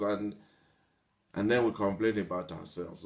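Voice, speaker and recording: This man's mid-range voice rises and falls widely as he delivers a motivational talk at an unhurried pace. Stacking example upon example, he mocks whiny complainers in their own voice and slips in light laughs between points.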